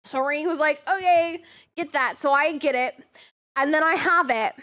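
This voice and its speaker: High-voiced young woman streamer. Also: moderate pace. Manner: animated, swears freely, acts out quotes. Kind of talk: casual storytelling stream.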